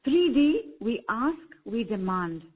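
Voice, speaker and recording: A woman spiritual teacher, a guest on a call-in show, explaining in a measured, affectionate way. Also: fairly high pitch, big pitch swings, breathy edge. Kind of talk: call-in coaching talk. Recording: phone-line call audio.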